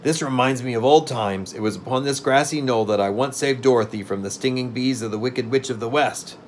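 A man reading aloud and voicing a kindly, wise scarecrow king in a gentle, soothing tone. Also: medium pitch, fairly quick, slight background noise, voice pushed up, lightly acted.

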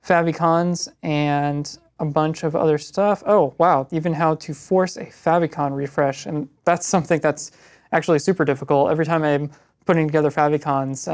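A man's voice: a little high, a little mellow, clean tone. Easygoing, enthusiastic man presenting web tools on a tech show. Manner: enthusiastic, casual. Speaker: co-host. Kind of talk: casual tech news show.

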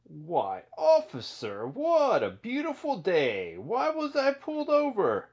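A woman voicing an indignant male fox suspect in a toy play video, protesting in a low put-on voice. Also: huge pitch swings, takes it slowly, darkish tone, breathy edge, heavily acted.

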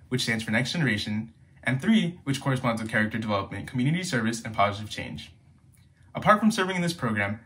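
A young man introduces a guest speaker in a formal, scripted way. He reads quickly at a middling pitch. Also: a bit bright. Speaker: senior class secretary.

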